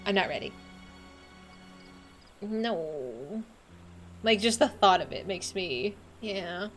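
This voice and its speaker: A woman streaming a game, chatting casually in an excitable, emotional way. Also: mid-range voice, measured pace, over music. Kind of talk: casual gameplay chat.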